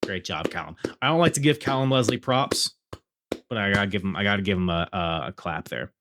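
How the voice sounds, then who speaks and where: A man's voice: on the low side, brisk, noisy background. Laid-back man rambling about wrestling. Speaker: podcast host. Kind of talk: casual wrestling review.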